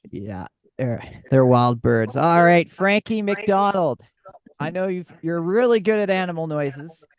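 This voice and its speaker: A man's voice: a little high, animated, slow pace, clear, resonant tone, no room sound. Playful guy hosting live chat, voice jumps all over, dry close mic. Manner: playful, laughs often. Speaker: host.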